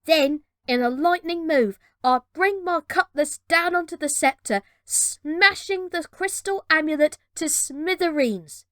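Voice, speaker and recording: Lady reading a kids adventure book, slow and dramatic, dry close sound. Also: sits high, fairly bright tone, no room sound. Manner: measured dramatic narration. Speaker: storyteller. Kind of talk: storybook reading.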